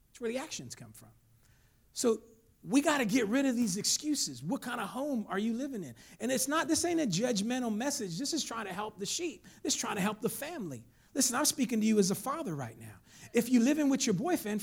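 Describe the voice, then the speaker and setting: Animated, gravelly-voiced preaching pastor. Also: male voice, high voice, fairly quick. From Mexican heritage, raised in the US. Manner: dynamic preaching, swinging from hushed to shouting; folksy, conversational with the congregation. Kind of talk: sermon.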